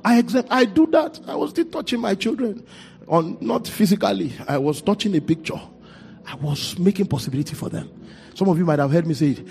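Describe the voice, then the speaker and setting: A male pastor preaching a sermon, swinging from quiet storytelling to shouted declarations. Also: on the high side, animated, a little fast, gravelly, soft background music.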